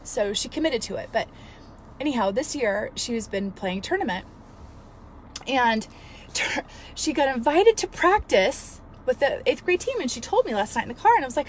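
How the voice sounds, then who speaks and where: A woman in her thirties, a fitness coach, telling a story in an earnest, emotional, animated way and giving motivational advice. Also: high-pitched, normal speed, a little hiss or hum. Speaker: fitness coach and studio owner. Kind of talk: casual motivational vlog.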